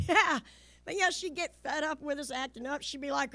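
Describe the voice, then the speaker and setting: A middle-aged woman from the American South with a Southern accent, performing a lively stand-up comedy set on stage and putting on voices for the people she quotes. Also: high-pitched, unhurried, long pauses, no echo.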